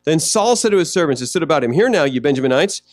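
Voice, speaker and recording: A man preaching a sermon as pastor, swinging from loud mocking quotes to low hushed asides. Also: lively intonation, fast talker, no room sound, studio quality, faint music behind.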